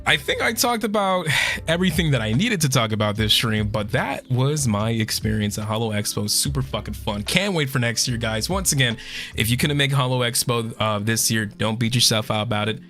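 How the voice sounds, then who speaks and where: A man streaming a casual chat, excitable and swearing often, his voice going hoarse. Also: mid-range voice, a little fast, soft background music.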